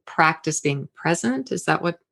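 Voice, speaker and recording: A woman hosting a podcast interview, talking in an animated way that often breaks off and restarts her sentences. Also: deep voice, normal speed, creaky. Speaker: podcast host. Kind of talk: conversational interview.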